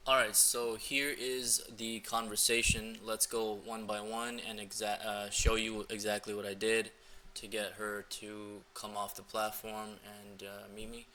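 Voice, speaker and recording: This young man from the US has a lowish, sharp-toned voice that barely moves in pitch, and he takes his time. Over slight background noise, he loosely talks viewers through dating messages in a casual screen recording packed with fillers.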